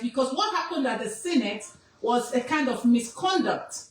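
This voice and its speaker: Nigerian woman, activist, high and insistent, roomy off-mic sound. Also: lively intonation, moderate pace, recorded from a distance. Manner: emphatic, repetitive, scolding. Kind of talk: impassioned public statement.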